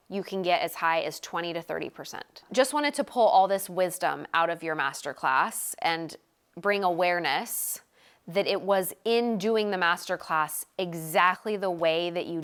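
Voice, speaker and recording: Woman sales coach on a group video call, casual and upbeat, fast bursts, keeps repeating stuff to hammer it in. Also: lowish voice, clear, resonant tone. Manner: energetic, talks in quick bursts and repeats phrases for emphasis.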